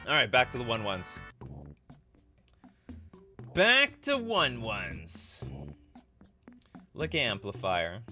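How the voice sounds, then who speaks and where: Animated, bright-voiced man hosting a stream. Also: medium pitch, very slow, pauses often, faint music behind. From Canada (Winnipeg). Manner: animated, jokey, thinks aloud while reading chat. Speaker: livestream host. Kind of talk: casual live-stream chat.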